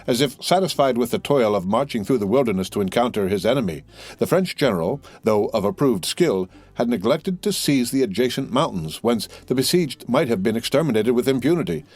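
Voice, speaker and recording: A man reading a classic adventure novel aloud as an audiobook narrator, in a steady, measured way. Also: medium pitch. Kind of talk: scripted narration.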